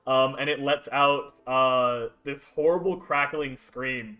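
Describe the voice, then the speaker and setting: Male dungeon master, unhurried and halting delivery, bright voice. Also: mid-range voice, steady tone, faint music behind. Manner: hesitant, many fillers while describing. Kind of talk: narrating a tabletop game.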